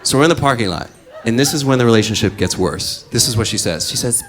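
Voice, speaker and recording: A man's voice: mid-range voice, expressive, quick pace, hardly any pauses, a little hiss or hum. A man doing stand-up, telling a story in a profane, exasperated way. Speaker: stand-up comedian.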